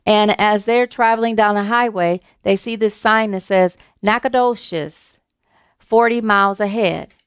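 A woman minister preaches to her congregation in a smooth, clear voice. She speaks in an animated way, repeats words for emphasis and laughs easily. The sound is dry and close to the mic. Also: mid-range voice, a little slow, no room sound. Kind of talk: sermon with a humorous story.

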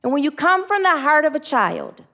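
A woman's voice: high voice, sing-song, normal speed, creaky, sharp tone. A woman minister giving a spiritual sermon, earnest and leading the group in spoken affirmations.

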